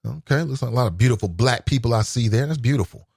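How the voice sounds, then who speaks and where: A man's voice: mid-range voice, fast talker, creaky, a little mellow, slightly rough, no room sound. Casual talk-show host man, dry close mic. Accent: Cincinnati, Ohio. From United States. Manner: conversational, reacts with laughs and exclamations. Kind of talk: casual call-in talk show, reading comments.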